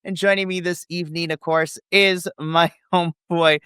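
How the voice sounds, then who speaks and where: A man hosting a casual wrestling review podcast, playful and jokey with quick asides. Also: on the high side, level tone, sharp tone, smooth, dry recording, studio quality. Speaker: podcast host.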